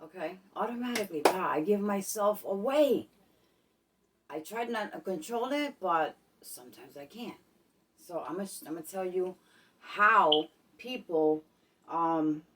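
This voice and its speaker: A woman's voice: medium pitch, distant mic, a little hiss or hum. A woman from New York with a New York accent, vlogging in a chatty way and tagging her sentences with "okay?" and "guys". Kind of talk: casual vlog monologue.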